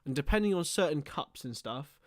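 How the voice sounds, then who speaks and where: A man's voice: a little high, lively intonation, brisk, dry recording, clean studio sound. A young man hosting a live football watchalong, chatting casually and teasing his co-host. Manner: banterful, teasing, explains league rules.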